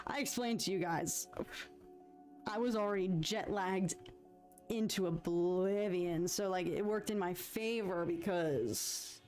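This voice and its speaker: A young woman with a light Detroit accent rambles through stories on a casual live stream, giggling often as she draws. Her pitch sits in the middle, and soft music plays quietly behind her. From United States. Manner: chatty, giggly, rambling storyteller. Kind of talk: casual chat while drawing.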